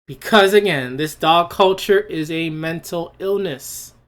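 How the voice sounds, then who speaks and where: A man's voice: on the high side, measured pace, a bit bright. A man hosting a solo opinion podcast, blunt and scornful, firing rhetorical questions and restarting his phrases as he goes. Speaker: podcast host. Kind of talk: opinion monologue.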